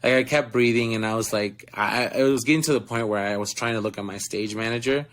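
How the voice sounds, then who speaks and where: A man's voice: medium pitch, fast, fairly bright tone. A young man in his twenties, a touring actor, telling earnest stories in a casual interview, with many fillers and frequent laughs.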